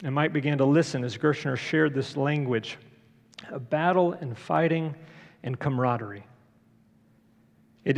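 Gravelly pastor preaching. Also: male voice, mid-range voice. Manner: conversational storytelling with frequent filler pauses. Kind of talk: sermon. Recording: long church reverb.

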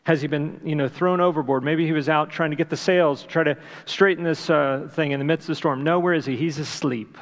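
A male pastor preaching with a slightly raised pitch and a gravelly edge to his voice. He speaks emphatically, asking the congregation rhetorical questions and repeating his main points. His voice rings out in the long reverb of a large church hall. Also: steady tone, a little fast, hardly any pauses. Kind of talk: sermon.

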